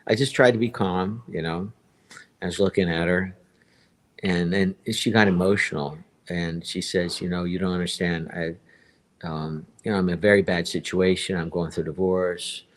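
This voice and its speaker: A man's voice: deep voice, steady tone, moderate pace. A man in his fifties telling a long personal story on a live stream, rambling and circling back to repeat himself.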